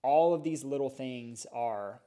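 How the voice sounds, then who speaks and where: A middle-aged man, a chiropractor, explaining and telling stories in a casual podcast interview, talking in a lively, animated way. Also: medium pitch, measured pace. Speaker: chiropractor guest.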